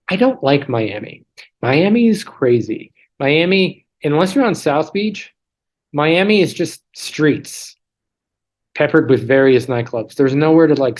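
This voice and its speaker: A man's voice: mid-range voice, darkish tone, low-quality recording. Chatty man on a video call. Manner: chatty, self-deprecating, many restarts and asides. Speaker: interview guest. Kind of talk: casual storytelling over a video call.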